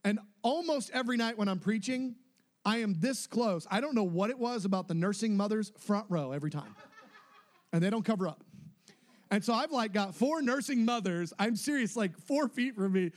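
High-voiced, lively preaching man. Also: moderate pace. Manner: animated, laughing storyteller who acts out quoted voices. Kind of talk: sermon storytelling.

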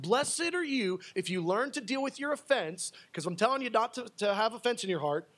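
High-pitched guy preaching a sermon, gets loud then drops to a hush, acts out quotes. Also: quick pace, few pauses. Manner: animated preaching, swings between loud emphasis and hushed asides; acts out quoted speakers in a raised voice. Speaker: pastor.

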